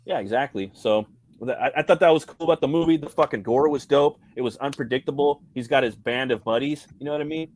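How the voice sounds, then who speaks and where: A man's voice: medium pitch, fast talker, darkish tone, slight background noise. A man co-hosting a casual movie chat, rambling and swearing a lot, with frequent "you know what I mean". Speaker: co-host. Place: convention livestream.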